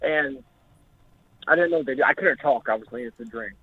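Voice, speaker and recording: A man's voice: mid-range voice, a little fast, breathy edge. Jittery man on a tinny phone line. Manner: jittery, swearing, emotional. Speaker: caller. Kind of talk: recounting an experience on a call-in show.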